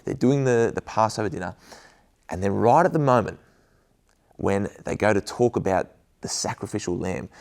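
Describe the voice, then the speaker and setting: A man with a low, gravelly voice delivers an earnest devotional talk. He keeps it conversational, with frequent pauses and ums. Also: darkish tone. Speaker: school chaplain giving a devotional.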